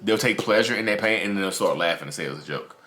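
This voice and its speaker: A man's voice: lowish voice, racing, bright, forceful tone. A man hosting his own channel, talking casually to camera, repeating himself and calling his viewers "y'all". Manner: repetitive, addresses viewers as "y'all". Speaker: YouTube host talking about narcissism.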